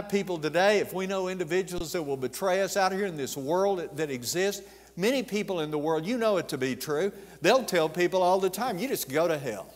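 A man preaching a sermon as pastor, swelling to emphatic peaks and dropping to a hush. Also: fairly high pitch. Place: church sanctuary. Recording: reverberant church sanctuary.

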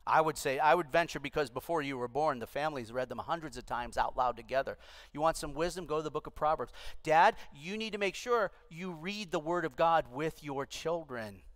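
In a large church auditorium thick with hall reverb, a middle-aged pastor delivers a sermon and presses the congregation to respond aloud. He speaks a little fast, with a fairly high pitch and a fairly bright tone.

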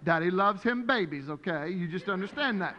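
A man preaching a sermon as pastor, telling stories in an animated way and acting out the voices of the people in them. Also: high-pitched, brisk, lo-fi sound, slight background noise. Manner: animated, storytelling with acted-out voices. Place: church sanctuary. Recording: long hall reverb.

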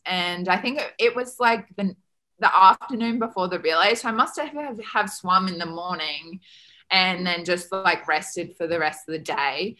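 An Australian woman in her twenties tells a story as a podcast guest, with a bright, forceful voice. She talks casually and animatedly, scatters "like" through every sentence, and acts out the other people in the story as she goes. Her pitch sits in a medium range. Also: moderate pace. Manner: animated, peppered with "like", acts out quoted dialogue.

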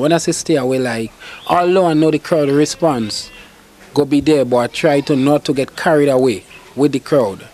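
Man, calypso singer guest, mid-pitched, easygoing and unhurried. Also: a little mellow. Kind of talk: casual interview answers.

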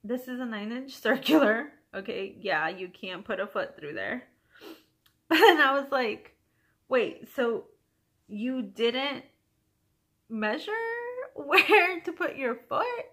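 A woman's voice: slow, pauses often. A young woman hosting a knitting vlog, chatting casually at home and telling an anecdote with frequent giggles and playful voices for her friends. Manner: animated, giggly, quotes friends in higher voices. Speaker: knitting podcast host.

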